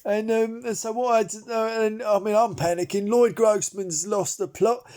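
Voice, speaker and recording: A man's voice: sits high, steady tone, normal speed, a little mellow, natural voice. A man playing Derek, a bumbling amateur chef, telling a rambling story full of restarts and fillers. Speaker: comedy character monologue. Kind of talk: improvised character monologue.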